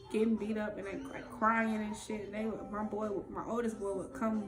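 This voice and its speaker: A woman's voice: medium pitch, level tone, normal speed, vocal fry, hardly any pauses, echoey room, music in the background. A woman candidly telling her own story in a raw, emotional, profane way, as a vlog co-host.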